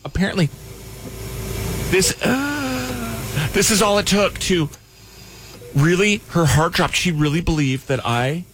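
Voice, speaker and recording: A man hosting a morning radio show, telling a story in an animated way and acting out the voices in it. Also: high-pitched, a little slow, pauses often, a little hiss or hum. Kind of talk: casual radio banter. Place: radio studio.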